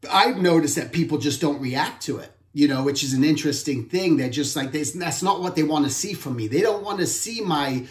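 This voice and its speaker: A man with a somewhat high voice hosts a relaxed art talk, thinking out loud and often restarting his sentences. The sound is roomy and echoey. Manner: rambling, reflective, self-correcting. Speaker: artist hosting an art talk. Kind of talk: casual talk.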